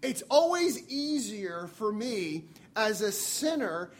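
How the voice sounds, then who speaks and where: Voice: medium pitch, big pitch swings, slow. A preacher delivering a sermon in an earnest way, repeating key phrases for emphasis.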